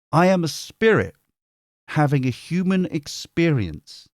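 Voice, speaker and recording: Playful man, lively swooping pitch. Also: no echo, clean studio sound. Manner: playful, teasing banter with chat. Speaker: tarot reader hosting a livestream. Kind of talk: casual livestream chat.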